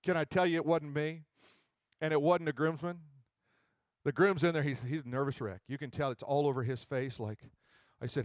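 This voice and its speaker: A middle-aged man preaching a sermon, swinging between loud emphatic bursts and slow drawn-out scripture lines. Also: a little high, dry recording. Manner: animated preaching with swells of volume and drawn-out scripture readings. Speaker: pastor.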